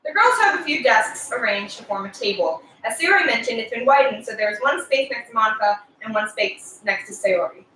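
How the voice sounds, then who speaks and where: A woman's voice: fairly high pitch, expressive, a little fast, hardly any pauses, bright, forceful tone, a little hiss or hum. A woman streamer reading game narration aloud with giggly, sarcastic asides, recorded far from the mic in an echoey room.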